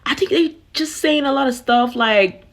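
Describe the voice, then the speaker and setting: A woman's voice: high voice, moderate pace. A young woman from Nigeria telling a personal story as a casual rant, slangy and blunt, swearing freely.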